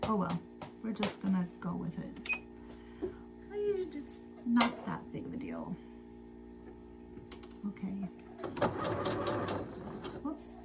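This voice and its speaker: A tired woman hosting a casual sewing livestream, chatting slowly to viewers and to herself as she works. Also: mid-range voice, wildly swooping pitch, vocal fry, over loud music, poor audio. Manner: slow, chatty, talks to herself while working. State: tired and sleepy.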